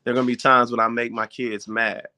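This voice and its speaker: A man with a bright, forceful voice talks straight to his viewers about raising children. He sounds informal and direct, and he keeps checking that his listeners are following along. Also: medium pitch, level tone, fast talker. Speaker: parent giving parenting advice. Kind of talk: casual talk to viewers.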